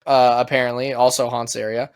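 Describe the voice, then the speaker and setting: A man's voice: mid-range voice, level tone, brisk, smooth. A man co-hosting a paranormal podcast in casual chat, swearing and joking as he recaps episodes. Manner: profane, joking, acts out silly voices. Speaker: podcast co-host.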